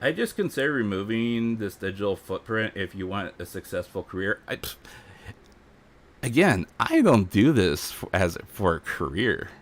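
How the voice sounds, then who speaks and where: A man's voice: on the low side, very animated, normal speed. A man streaming a defiant, heated rant, repeating himself as he talks. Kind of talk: ranting livestream monologue.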